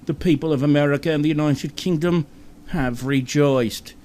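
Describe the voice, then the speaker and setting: A man voicing an overdramatic male British TV news reporter, delivering the news in a slow, solemn, melodramatic way. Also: on the high side, fairly even intonation, darkish tone, pitched above the performer's own voice, close to an everyday voice. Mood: grandiose.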